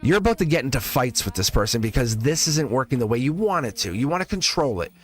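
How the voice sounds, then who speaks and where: Lively, animated man reading tarot. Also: medium pitch, fast. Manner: animated and playful, laughs often, talks to viewers. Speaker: tarot reader and live stream host. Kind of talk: live tarot reading, casual chat.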